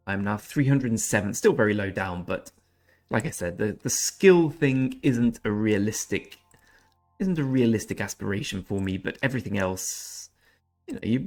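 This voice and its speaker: Low-voiced man chatting over gameplay. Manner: chatty, self-deprecating. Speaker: gaming channel host. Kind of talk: gameplay commentary.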